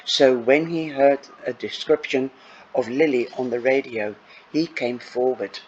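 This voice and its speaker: Man, audiobook narration, slow, small stumbles, dull lo-fi recording, faint hiss. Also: mid-range voice, a little mellow. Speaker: audiobook reader. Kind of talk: first-person audiobook narration.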